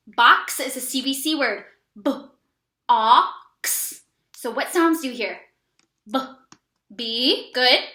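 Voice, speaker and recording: A woman teaching an early reading lesson to young children, speaking slowly and encouragingly with plenty of praise. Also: high-pitched, sharp tone, echoey room. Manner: slow, exaggerated, encouraging teacher talk with praise.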